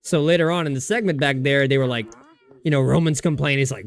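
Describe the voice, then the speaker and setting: A man's voice: medium pitch, fast. A man livestreaming a survival game, chatting casually in a rambling, profane way and laughing often. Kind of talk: casual gaming stream chat.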